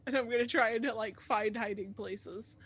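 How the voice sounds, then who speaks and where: Bright, higher-voiced woman player. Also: fairly even intonation, slightly rough. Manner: quick, chatty, laughs often. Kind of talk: casual tabletop play.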